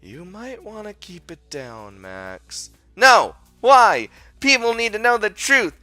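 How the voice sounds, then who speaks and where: A man voicing a brash, hot-headed young woman detective in a fan dub, loud and indignant, with a lot of swearing. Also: high voice, sing-song, slow, dry recording, faint music behind, exaggerated voice. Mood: furious.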